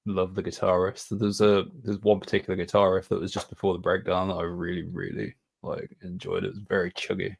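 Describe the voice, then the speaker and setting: Laid-back panel guest with a very low, gravelly voice. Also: flat delivery, brisk, few pauses. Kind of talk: casual panel chat.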